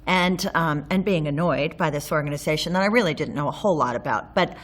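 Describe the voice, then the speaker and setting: A woman's voice: sits low, quick pace. A woman telling a personal story in an interview, candid and wry, with frequent ums and restarts as she recalls events. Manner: candid, wry, with some sarcasm. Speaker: interviewee recalling local history.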